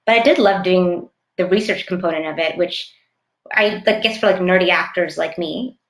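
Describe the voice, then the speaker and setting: Reflective actress guest, echoey room. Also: female voice, on the low side. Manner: thoughtful, searching for words with many fillers. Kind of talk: casual interview chat.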